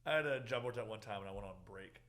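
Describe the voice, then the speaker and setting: Young guy host, bright tense voice, animated storyteller doing little quote voices. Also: on the low side, fast. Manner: animated storyteller, acts out quotes, laughs often. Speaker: podcast host. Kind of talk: casual chat.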